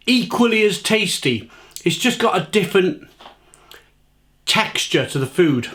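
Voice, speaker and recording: British man, casual food review, chatty and repetitive, slightly high voice. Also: sing-song, unhurried, fairly bright tone. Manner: chatty, repeats himself, talks while eating.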